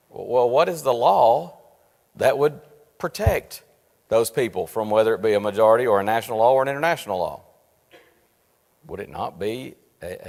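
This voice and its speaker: A man's voice: medium pitch, vocal fry. Earnest man teaching a church Bible study. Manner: earnest, asks rhetorical questions, slows down to stress points. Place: church meeting room. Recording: long reverb in a church room.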